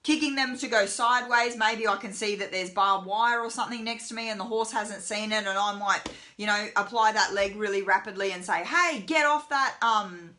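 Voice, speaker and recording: A woman's voice: medium pitch, fairly even intonation, brisk, bright, forceful tone. A woman horsemanship trainer giving a casual live lesson, chatty with lots of fillers. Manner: chatty, many fillers, voices the horse's thoughts.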